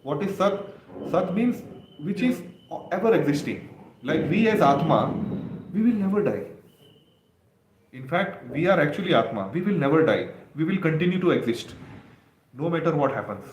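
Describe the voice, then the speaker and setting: A man's voice: a little high, expressive, moderate pace, pauses often. A man with an Indian English accent giving a sermon to a congregation, explaining with rhetorical questions and Sanskrit terms. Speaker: preacher. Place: congregation hall. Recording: echoey room with faint background noise.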